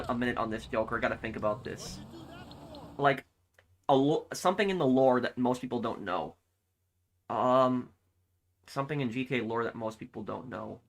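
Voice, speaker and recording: Bright-voiced streamer thinking aloud. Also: male voice, mid-range voice, slight background noise. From United States. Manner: thinks aloud, hesitant, repeats himself. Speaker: game streamer. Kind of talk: live stream, reading chat.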